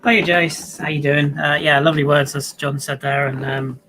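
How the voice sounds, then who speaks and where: A man co-hosting a casual football podcast in a fairly high voice. He sounds friendly and subdued. A faint hiss runs behind him. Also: little pitch movement, normal speed. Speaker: podcast co-host.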